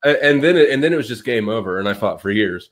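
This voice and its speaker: A man's voice: on the low side, animated, fast talker. A man in casual conversation, telling blunt childhood stories, swearing freely and laughing as he talks. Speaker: guest.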